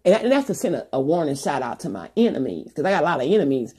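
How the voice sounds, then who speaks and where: A woman's voice: low voice, sing-song, very fast, dark tone, breathy edge. A woman YouTuber talking straight to her viewers in a long, profane, rambling monologue full of restarts and asides.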